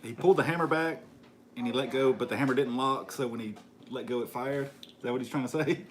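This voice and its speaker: A man's voice: medium pitch, fast. A man co-hosting a casual live-stream chat, joking and laughing at his own lines. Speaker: co-host.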